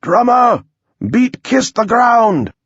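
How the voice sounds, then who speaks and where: A man's voice: extremely high pitch, sing-song, slow, fairly bright tone, breathy edge, pitched above the performer's own voice, exaggerated voice. A man playing a commanding military officer who bellows orders, recorded with a dull, dry sound. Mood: bellowing.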